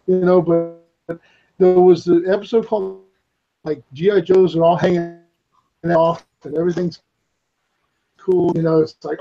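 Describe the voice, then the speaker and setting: A man's voice: high-pitched, fairly even intonation, normal speed, warm tone, breathy edge, muffled recording. A man hosting a casual podcast chat, rambling and swearing as he tells a story over an online voice call.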